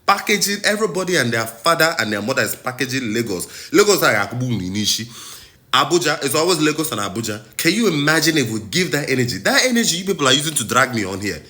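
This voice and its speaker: A Nigerian man delivers a passionate commentary with a bright, forceful tone. His pitch swings widely as he repeats phrases and presses each point like a sermon. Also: big pitch swings, quick pace. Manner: impassioned, rhetorical, preachy, repeats phrases for emphasis. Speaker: host.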